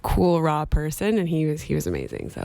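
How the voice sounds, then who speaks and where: A woman's voice: low voice, huge pitch swings, fairly quick, creaky, dark tone, no echo. A woman musician chatting as a guest in a radio studio, talking in an enthusiastic, rambling way. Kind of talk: casual interview chat.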